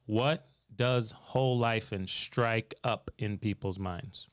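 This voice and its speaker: A man with a lowish, smooth voice speaks slowly while hosting a live financial Q&A from a studio. Between telling a story and quizzing his co-host, he reads viewer comments from the chat, livestream style.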